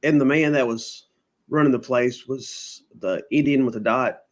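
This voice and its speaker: Speaking at medium pitch and normal speed, a male podcast host casually spins a long, humorous anecdote. He tells it with animation, imitating each person he quotes.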